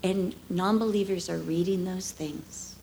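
A woman in her fifties giving a conversational sermon at church, telling emotional stories with lively swings from hushed to animated. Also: fairly low pitch, unhurried, gravelly, a little hiss or hum, rough recording. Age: 50s. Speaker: speaker at a church.

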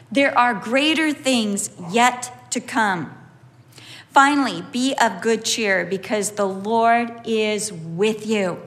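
A woman preaching a sermon, emphatic and expressive, repeating key phrases and acting out the voices of others. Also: takes it slowly, in a large hall. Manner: expressive, acts out voices with big pitch swings; emphatic repetition.

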